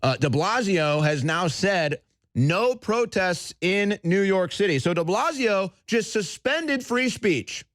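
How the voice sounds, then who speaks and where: A man hosting a talk show, ranting angrily, shouting at times and mocking his opponents. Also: sits high, expressive, slow pace, no room sound, clean studio sound. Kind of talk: heated political talk radio rant.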